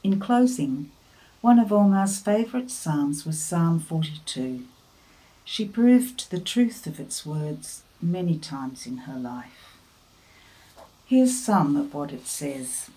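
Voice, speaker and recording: A woman speaks in a devotional talk with a low, warm voice. She takes her time over each phrase, earnest and gentle as she encourages her listeners. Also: sing-song, slow pace, rough recording.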